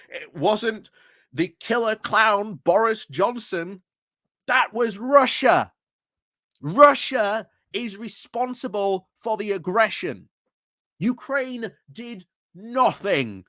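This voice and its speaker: A man's voice: high voice, fairly bright tone, no room sound, clean studio sound. A man giving indignant reaction commentary on a political speech, repeating rhetorical questions and stumbling over his words.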